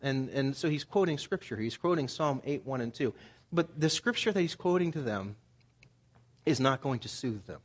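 A man's voice: mid-range voice, expressive, moderate pace. A man preaching a Bible study sermon in a conversational way, acting out the people he quotes with rising emphasis. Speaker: pastor.

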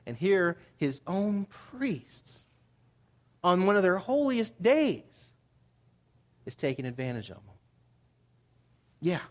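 Guy teaching a bible study sermon, kinda higher voice, chatty, gets into the quotes. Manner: conversational, acts out quoted speakers with rising emphasis. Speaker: pastor.

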